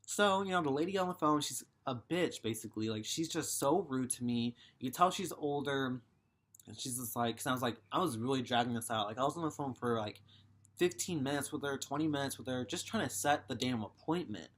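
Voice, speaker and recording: A man's voice: medium pitch, fairly quick, a bit bright. A young man in his twenties telling a story casually, swearing and exasperated. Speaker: vlogger.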